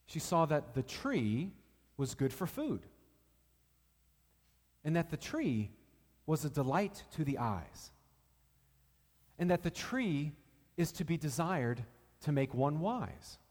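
Lively preacher in an echoing hall. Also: male voice, fairly high pitch, takes it slowly, pauses often. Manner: animated, joking asides to the congregation. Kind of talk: sermon.

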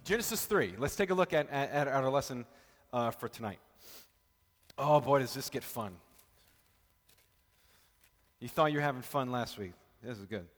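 A man's voice: medium pitch, animated, moderate pace, pauses often, soft background music. A man, a pastor, leading a casual Bible study and joking with the group in the room. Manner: chatty, joking, talks with the group. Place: church room with a live group. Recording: long reverb of a large room.

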